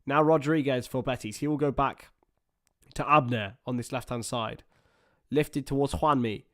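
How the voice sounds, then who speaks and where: A man's voice: medium pitch, normal speed, a bit bright. A young man giving chatty live play-by-play of a football match for his stream viewers, with asides to them. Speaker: livestream watchalong commentator. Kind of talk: live football watchalong commentary.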